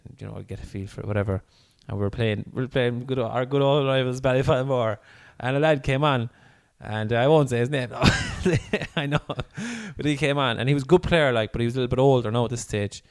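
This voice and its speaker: A man's voice: mid-range voice, fairly quick, few pauses, clean tone. An Irish man chatting casually on a podcast, telling stories with frequent laughter and some swearing. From Ireland. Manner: laughing storyteller, swears freely. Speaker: podcast co-host.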